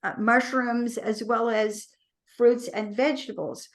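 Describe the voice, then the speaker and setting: Higher-voiced woman interviewer. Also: steady tone, measured pace. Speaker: interviewer, medical intuitive healer. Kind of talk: interview questions.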